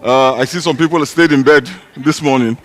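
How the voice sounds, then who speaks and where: Breathless Nigerian-born pastor preaching. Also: male voice, medium pitch, moderate pace, faint music behind. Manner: chatty, joking, breaks into laughter. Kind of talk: sermon. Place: church hall.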